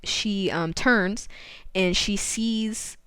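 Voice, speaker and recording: Smooth, dry-voiced woman recapping a book. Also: mid-range voice, dry recording. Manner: lively retelling with quick voiced quotes of characters. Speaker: podcast host.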